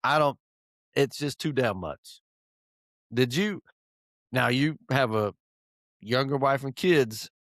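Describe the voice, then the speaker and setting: Joking middle-aged man, lively voice. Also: mid-range voice, takes it slowly, long pauses, no room sound, clean studio sound. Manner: joking, teasing, laughs often. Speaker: podcast co-host. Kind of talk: casual chat.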